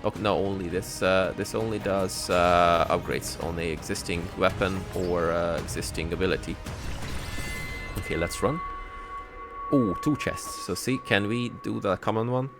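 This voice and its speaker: A man's voice: low-pitched, steady tone, normal speed. A man casually commenting on his own gameplay, joking around and reading upgrade text aloud. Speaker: gaming channel host. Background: game music.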